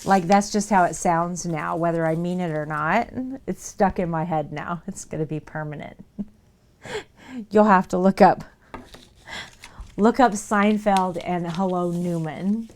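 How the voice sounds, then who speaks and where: A woman's voice: fairly low pitch, fairly even intonation, a little slow, darkish tone. A woman chatting casually on a live stream while she crafts at her desk at home. She laughs often and talks to her viewers and her dog. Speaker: streamer making her own merch.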